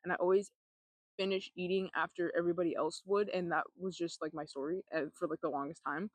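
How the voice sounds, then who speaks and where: A young adult woman vlogging a personal testimony, telling her story in a halting, rambling way with lots of fillers and swearing. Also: lowish voice, steady tone, dry recording.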